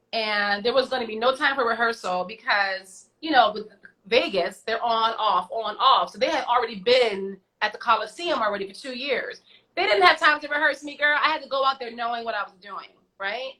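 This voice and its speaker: A woman on a video call, chatty and animated, telling her stories with slangy asides and acted-out voices. Her tone is bright and forceful, and her pitch sits a touch high. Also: moderate pace, rough recording. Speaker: guest singer. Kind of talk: casual storytelling.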